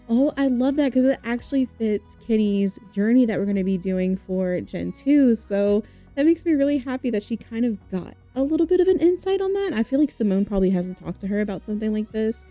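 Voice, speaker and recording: A woman's voice: medium pitch, warm tone. A young adult woman narrating a life-simulation game, who chats with her viewers directly and laughs easily. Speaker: game streamer.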